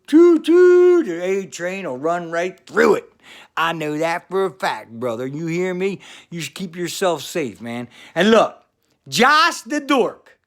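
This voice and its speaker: A former pro wrestler, a man, giving a loud congratulatory shout-out in a hollering, sing-song manner. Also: on the high side, unhurried. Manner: hollering, sing-song, calls everyone brother. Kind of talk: loud congratulatory video message.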